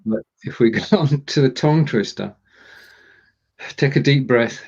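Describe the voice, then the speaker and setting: A man's voice: mid-range voice, unhurried, husky, dull audio. A man co-hosting a casual live language lesson, joking as he stumbles through German phrases. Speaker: co-host and learner.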